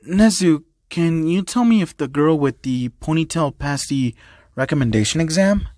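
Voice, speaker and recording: A man's voice: fairly high pitch, lively intonation, moderate pace, a little mellow, no room sound, clean studio sound, close to an everyday voice. A man reading as an eager naive cat boy. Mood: shy, confused. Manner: eager, childlike, stammering "um".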